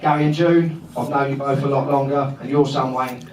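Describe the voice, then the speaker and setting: A man's voice: medium pitch, steady tone, fairly quick. Flustered joking best man, roomy hall. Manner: joking, flustered, laughing often. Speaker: best man giving a wedding speech. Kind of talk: wedding speech to a crowd. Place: large function room full of guests. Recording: roomy, from far off, loud crowd. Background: loud laughing crowd.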